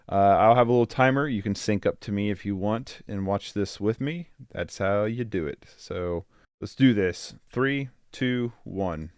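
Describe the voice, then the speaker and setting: A man's voice: on the low side, unhurried, smooth, no room sound, studio quality. A young man hosting a casual movie watch-along, chatting wryly, laughing often and trailing off mid-sentence. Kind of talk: casual live reaction commentary. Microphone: headphones with desk mic.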